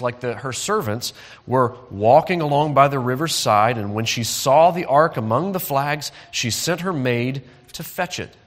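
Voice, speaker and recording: A man telling a Bible story to children in a church hall, lively, asking the audience to call out and join in. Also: mid-range voice. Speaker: children's preacher.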